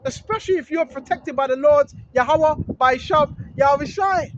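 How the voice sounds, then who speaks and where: Fervent high-voiced street preacher outdoors. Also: measured pace, a bit bright, highs cut off. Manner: fervent, blunt and scolding, with slang and asides. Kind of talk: outdoor preaching vlog with scripture reading. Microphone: handheld camera filming.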